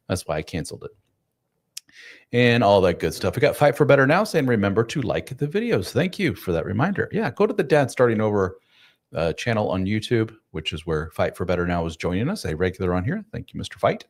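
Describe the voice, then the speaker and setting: A man's voice: fairly low pitch, big pitch swings, brisk. A man hosting a casual live stream from home, chatting loosely with viewers in a self-deprecating way. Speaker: live stream host, men's coach. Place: home room.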